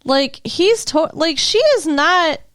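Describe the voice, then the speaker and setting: A woman's voice: very high-pitched, animated, takes it slowly, fairly bright tone, no room sound. A woman chats through a film with her co-host and works out her thoughts as she speaks. Her talk is casual with the odd swear word. The sound is close and dry, with no room around it. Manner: chatty, thinks aloud, casual swearing. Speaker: podcast co-host. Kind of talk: casual movie review chat.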